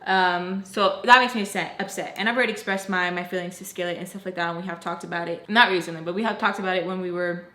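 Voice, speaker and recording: A young woman telling a personal story to her viewers in a chatty, animated way, full of fillers and acted-out quotes. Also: lowish voice, quick pace, few pauses, roomy sound. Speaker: storytime vlogger. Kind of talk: casual storytelling.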